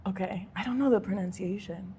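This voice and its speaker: A woman's voice: medium pitch, fairly quick, dark tone, a little hiss or hum. A woman co-hosting a podcast in casual chat, giggly and teasing. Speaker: podcast co-host.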